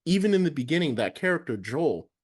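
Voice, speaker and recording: A man's voice: on the high side, fast, breathy edge. Rambling man chatting about a film. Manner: relaxed, rambling with many likes and ums. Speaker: podcast co-host. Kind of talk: casual film review chat.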